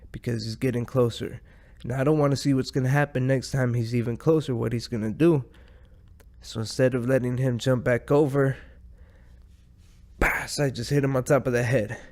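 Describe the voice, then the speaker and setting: A man's voice: medium pitch, gravelly, darkish tone. A man hosting a podcast, telling a story in a casual, rambling way, full of swearing and chuckling at himself. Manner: profane, rambling, chuckling through his own story. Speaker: podcast host.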